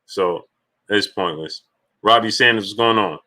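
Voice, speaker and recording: A man's voice: on the low side, a little slow, pushed and bright. A man hosting a boxing livestream in casual chat, greeting viewers by name as he talks loosely.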